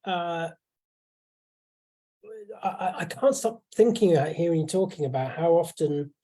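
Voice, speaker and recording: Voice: mid-range voice, expressive, unhurried, mellow. A host in a casual interview, talking hesitantly with many restarts.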